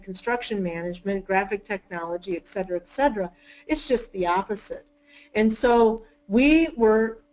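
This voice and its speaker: A woman's voice: medium pitch, darkish tone. A woman chairs a webinar session and tells her story with eager energy, often restarting her sentences. Her voice sits in a middle range. The audio comes through slightly dull, as from a webinar mic. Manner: enthusiastic, storytelling with quick restarts. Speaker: webinar presenter, department chair. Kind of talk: webinar talk.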